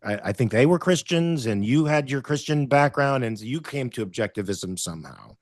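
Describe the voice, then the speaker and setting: A man hosting a casual chat, speaking in a relaxed, reflective way with many hesitations. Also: mid-range voice, normal speed, dry recording, clean studio sound. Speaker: host.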